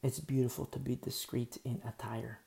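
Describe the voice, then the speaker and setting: Male preacher, gravelly fry, repeats phrases, asks rhetorical questions. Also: mid-range voice, flat delivery, moderate pace, dark tone. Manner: teaching verse by verse, repeating key phrases for emphasis. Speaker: pastor. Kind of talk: sermon.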